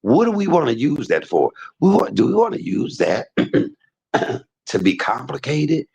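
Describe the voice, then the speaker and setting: Man in pain, husky and gravelly, emphatic casual preacher, AAVE, talking from a hospice room. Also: mid-range voice, huge pitch swings, unhurried, a little mellow, dull audio.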